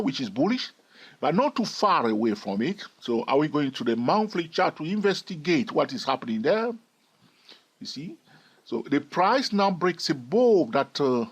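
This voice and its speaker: A man's voice: medium pitch, slightly rough. A man giving a trading lesson over price charts, emphatic and repeating key phrases. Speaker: trading educator.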